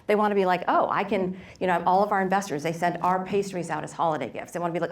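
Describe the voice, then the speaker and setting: A middle-aged woman speaks on a workshop panel about raising money for her bakery. Her voice sits a little low, and her talk is candid and lively, full of quick stories and asides.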